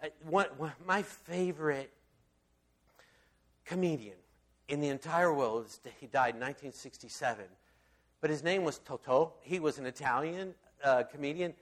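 A man's voice: on the high side, normal speed. A man giving a casual, rambling Bible talk, enthusiastic and full of fillers and restarts. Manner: enthusiastic storyteller.

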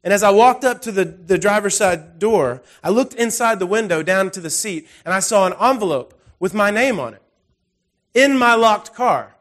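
A man preaching a sermon in a relaxed, conversational way, telling personal stories with frequent restarts. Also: high-pitched, normal speed. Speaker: pastor.

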